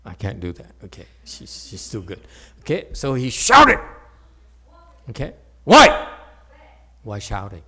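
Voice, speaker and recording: A male meditation teacher leads a Buddhist dharma talk before an audience. He speaks slowly and playfully, teasing his listeners and checking that they follow. His pitch swings widely as he talks. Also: wildly swooping pitch, sharp tone, slightly rough. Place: meditation center hall with audience.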